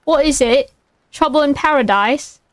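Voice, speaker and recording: A woman's voice: high voice, unhurried, no room sound. A woman voicing a sleepy, theatrical young man who scolds a friend. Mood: dramatic.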